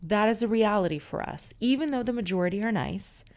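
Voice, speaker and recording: This middle-aged podcast host talks briskly at a medium pitch, her darkish voice full of lively intonation. Alone at the mic, she shares stories in a candid, conversational way and swears without much thought.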